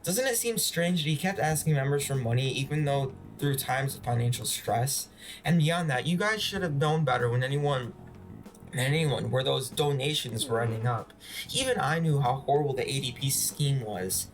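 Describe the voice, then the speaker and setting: A man's voice: medium pitch, moderate pace, soft background music, lightly acted. A man reading an earnest young fortune teller. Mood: insistent. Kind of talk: voiced reading of game dialogue.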